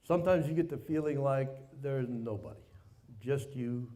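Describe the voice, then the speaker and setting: An older man giving a speech to a live audience, telling a war story in a folksy, self-mocking way with dramatic pauses. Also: medium pitch, warm tone. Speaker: guest speaker, former Navy pilot. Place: party venue before a live audience.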